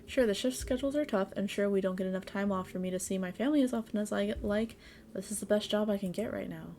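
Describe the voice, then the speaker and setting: A woman's voice: medium pitch, fast, mellow, a little hiss or hum, close to an everyday voice. A woman voicing an anxious young male miner who pleads that he needs his paycheck. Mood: worried. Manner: pleading, worried.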